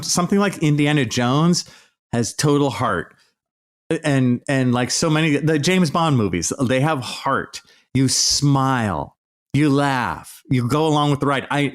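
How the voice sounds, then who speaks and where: Man, podcast host, exasperated, sarcastic, swearing, medium pitch. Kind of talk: solo movie rant.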